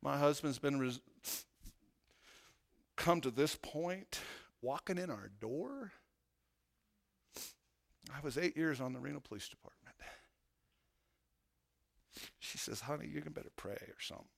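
A middle-aged man, a police chaplain, preaching an emotional testimony that swells to loud, fervent peaks. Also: a little high, expressive, a little slow, gravelly, long pauses. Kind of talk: sermon testimony.

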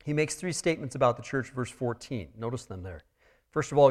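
A pastor of medium pitch preaches with animation at a brisk pace, taking his audience through a passage one verse at a time. Some stretches are quiet and earnest, others loud and emphatic.

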